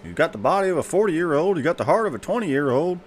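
A man's voice: on the high side, very animated, quick pace, slightly rough, voice pushed up. A man doing a folksy small-town doctor. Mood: puzzled. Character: friendly family doctor, middle-aged man.

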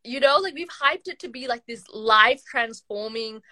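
A young woman with a bright, sharp-edged voice and a slightly high pitch, chatting casually on a podcast. She talks in loose, rambling sentences full of "like," often restarting her thoughts. The sound is dry and close. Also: expressive, moderate pace, dry recording. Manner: chatty, heavy use of "like", trails off and restarts. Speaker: podcast co-host. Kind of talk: casual chat.

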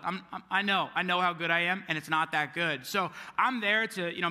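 A young man preaching a sermon in a casual, storytelling way, moving between hushed lines and emphatic ones. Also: high voice. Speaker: pastor. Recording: echoey hall with long reverb.

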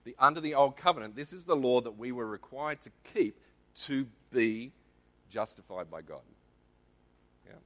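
A man's voice: medium pitch, animated, normal speed, bright, forceful tone. An Australian man giving a conversational Bible teaching in church, often checking in with the congregation. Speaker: lay preacher.

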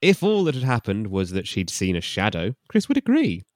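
A man's voice: fairly low pitch, wildly swooping pitch, fairly quick, a little mellow, no room sound, studio quality. A man hosting a podcast, reading a novel aloud with wry, mock-dramatic comic asides.

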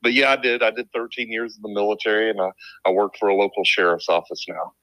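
A man's voice: on the low side, fairly even intonation, fast talker, sharp tone, dry recording, rough recording. A man with a Southern US accent from Georgia, a guest telling his story in a polite, easygoing way. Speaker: guest, sheriff's office deputy. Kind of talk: casual interview storytelling.

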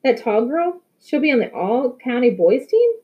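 A woman's voice: high-pitched, very animated, normal speed, highs cut off, pitched above the performer's own voice. A woman reading as an eager mom. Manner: chatty, enthusiastic. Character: mother, eager and well-meaning middle-aged woman.

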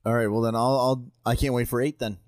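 A man's voice: mid-range voice, fairly even intonation, quick pace, a little mellow, no echo, clean studio sound. A man guesting on a podcast, chatting casually in a joking, rambling way and swearing now and then. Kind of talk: casual chat.

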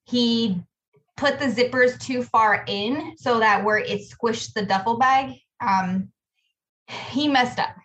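A business owner and podcast co-host tells an animated story in a casual conversation, quoting herself along the way. Her voice is on the high side and slow, and the audio is poor with slight background noise.

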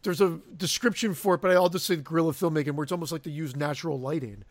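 A man's voice: fairly high pitch, fast, no room sound. A man with a slightly raised voice discusses a film's look on a podcast. He talks thoughtfully and gropes for the right word. The sound is dry and close. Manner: thoughtful, searching for words. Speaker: podcast co-host. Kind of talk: casual film review chat.

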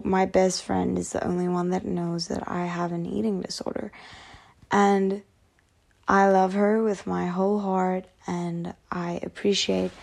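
Woman, vlogger, frank and rambling, sleep-deprived, creaky voice, unhurried delivery. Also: medium pitch, a little mellow. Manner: rambling, frank, swears often. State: tired from lack of sleep. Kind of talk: candid personal talk to camera.

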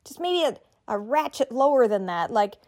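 A middle-aged woman hosts a podcast as a writing coach, offering writers friendly, conversational tips and encouraging them with direct instructions. Her voice is a little high and darkish in tone, moving at a normal speed with big swings in pitch.

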